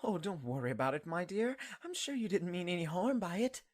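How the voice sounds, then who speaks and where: A gentle, sweet young male classmate from a dating game, with a woman acting him out. The voice drops well below her usual pitch and stays soft and quiet, kindly in tone, with a lively rise and fall. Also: fairly quick. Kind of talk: reading an otome game aloud.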